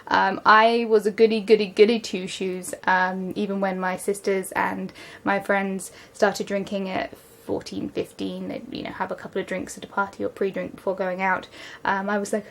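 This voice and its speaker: Young english woman rambling to the camera at home, lots of ums, talks fast in spurts. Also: medium pitch, flat delivery, gravelly, a bit bright, slight background noise. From England. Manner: rambling, chatty, many ums, quick bursts. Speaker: vlogger. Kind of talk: casual vlog monologue. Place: home, just out of the shower.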